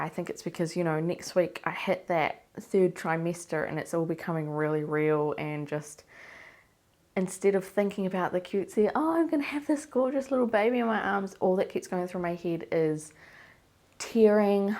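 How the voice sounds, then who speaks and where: A young woman vlogger talks to her camera in a casual, rambling diary style, her voice stuffy and congested from a cold. Fairly low for a woman and a little mellow, at a moderate pace, she circles through anxious, self-questioning worries and restarts sentences as her nerves show.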